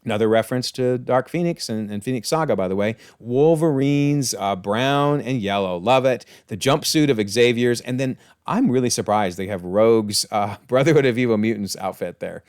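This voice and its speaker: A man's voice: mid-range voice, moderate pace, hardly any pauses, a little mellow, clear, resonant tone, no echo, studio quality. A man giving a casual, enthusiastic episode breakdown, chatty with frequent exclamations and chuckles. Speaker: TV episode reviewer.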